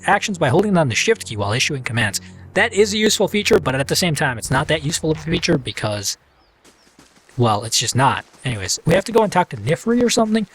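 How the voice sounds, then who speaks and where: A man's voice: medium pitch, fairly bright tone. A man hosting a let's play, chatting casually and playfully while he reads the game aloud. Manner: chatty, playful, self-mocking.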